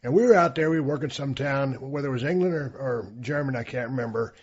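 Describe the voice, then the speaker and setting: A man hosting a podcast, telling a story in a relaxed, drawling way with frequent fillers. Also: mid-range voice, fast, muffled recording. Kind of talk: casual chat.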